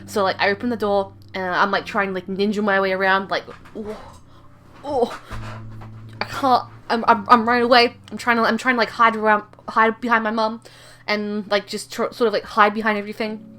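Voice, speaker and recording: A woman's voice: medium pitch, level tone, fast, sharp tone, a little hiss or hum. A young woman casually telling a rambling story, heavy on fillers and self-mocking.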